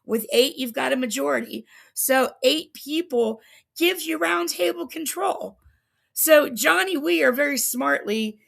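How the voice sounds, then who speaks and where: A woman's voice: sits high, a little slow, gravelly. A woman hosting a casual TV recap livestream, chatting enthusiastically with easy laughs. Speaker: recap show host. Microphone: livestream desk mic.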